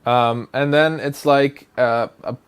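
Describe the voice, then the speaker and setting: A man's voice: mid-range voice, steady tone, clean tone. Blunt, casual man talking to camera. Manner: blunt, conversational, with filler pauses. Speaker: filmmaker and production company founder.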